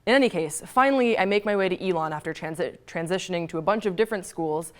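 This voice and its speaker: Young woman, American accent, rapid self-mocking storyteller on a student talk show. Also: lowish voice. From Belgium. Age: young adult. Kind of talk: comic personal story to camera.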